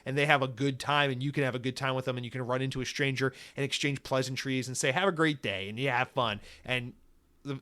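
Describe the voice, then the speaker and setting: A young man hosting a solo podcast, rambling and swearing as he tells stories and rants. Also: mid-range voice. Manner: rambling, profane, animated storytelling. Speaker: podcast host. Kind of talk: casual solo podcast rant.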